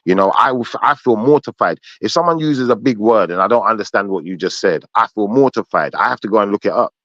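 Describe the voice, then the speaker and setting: A man's voice: on the low side, expressive, fast talker, fairly bright tone, no echo, dull audio. A man hosting a live podcast panel who argues hard, cuts in and keeps pressing his point. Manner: argumentative, insistent, cuts in. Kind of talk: heated live panel debate.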